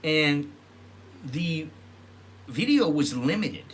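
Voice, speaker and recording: A man's voice: fairly high pitch, very animated, very slow, slight background noise. A middle-aged man from the United States telling stories in a rambling casual monologue, often correcting himself and acting out what people said. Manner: rambling, with self-corrections and acted-out quotes. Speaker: vlogger.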